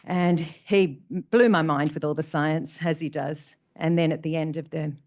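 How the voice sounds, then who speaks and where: Middle-aged woman, speaker at a community event, earnest and heartfelt, fairly low voice, repeats herself for emphasis. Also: steady tone, measured pace, darkish tone. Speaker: motivational speaker. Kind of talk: personal talk to an audience.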